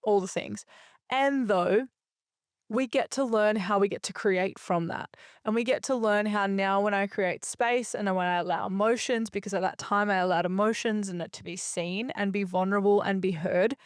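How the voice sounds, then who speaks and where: A woman's voice: medium pitch, normal speed, no room sound, clean studio sound. A young adult woman hosting a solo podcast, speaking casually and reflectively with many fillers and self-corrections. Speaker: podcast host.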